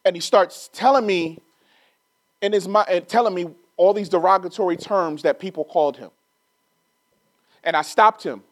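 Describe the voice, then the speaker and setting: A middle-aged preacher with a fairly high voice tells a story from his own life in a loose, conversational way. As the point lands, he climbs in pitch and volume into emphatic preaching. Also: moderate pace, long pauses, no echo. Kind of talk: storytelling sermon.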